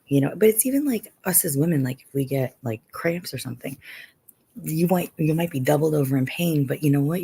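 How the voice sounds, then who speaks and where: A woman's voice: low-pitched, vocal fry, mellow, slightly rough. A middle-aged woman hosting a live stream, chatting casually with viewers and often saying "you know".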